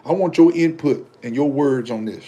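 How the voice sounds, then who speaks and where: Here a vlogger talks at a moderate pace in a mellow, mid-range male voice. In loose slang, he preaches to his viewers, hammers his points more than once, and replies to people in the comments, keeping it casual but emphatic.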